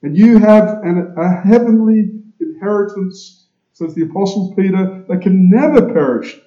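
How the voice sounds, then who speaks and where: A man preaching a sermon to his congregation, slow and emphatic, asking rhetorical questions. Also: high voice. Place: church. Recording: echoey, dull church recording.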